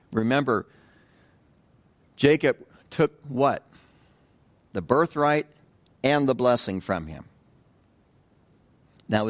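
A man leading an informal Bible study, talking in a loose, conversational way. He often repeats words, restarts his phrases and puts questions to the group. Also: on the low side. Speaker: Bible teacher.

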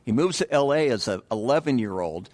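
A man's voice: medium pitch, animated, a little fast, darkish tone. A man leading an informal Bible study, talking in a loose, conversational way. He often repeats words, restarts his phrases and puts questions to the group. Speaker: Bible teacher.

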